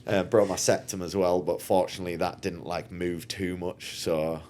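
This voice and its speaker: A man's voice: low-pitched, moderate pace. A man, a podcast guest and racer, telling his story in a casual, rambling way, acting out what others said. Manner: rambling, animated, acts out quotes.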